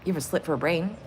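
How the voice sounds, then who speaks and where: Woman streamer, blunt and crude banter with chat, lowish voice, very lively delivery. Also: noisy background. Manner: blunt and profane, laughs often. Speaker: livestream host. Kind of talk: casual live-stream chat.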